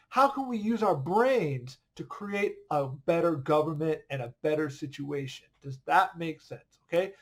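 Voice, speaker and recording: A man teaching an online history lesson in a casual, conversational way, often checking whether students follow. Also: fairly high pitch.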